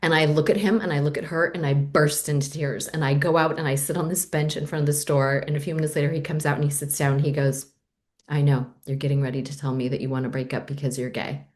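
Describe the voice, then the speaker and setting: Low-voiced woman telling her story. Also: fast. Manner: animated, acts out quoted voices. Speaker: podcast guest. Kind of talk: candid storytelling in conversation.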